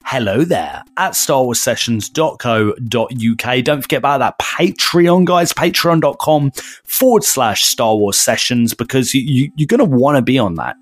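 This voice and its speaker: Lively, jokey podcast co-host. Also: male voice. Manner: playful, jokey, swings pitch a lot. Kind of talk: casual podcast banter.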